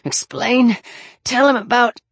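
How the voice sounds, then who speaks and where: A woman's voice: a little high, expressive, a little slow, breathy edge, dry recording, voice pushed up, full character voice. A woman voicing a badly wounded young man who gasps and cries out in short, strained bursts. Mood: fading. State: gasping in pain.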